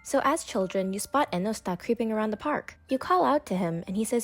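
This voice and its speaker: Breathy woman narrating a fan story. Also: mid-range voice, expressive, fast, few pauses.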